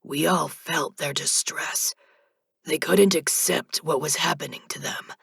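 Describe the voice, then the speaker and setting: A woman voicing an emotionless male death spirit who speaks in a flat, neutral monotone in a storybook reading. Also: deep voice, a little slow, gravelly, breathy edge, dry recording, clean studio sound, exaggerated voice. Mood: cold.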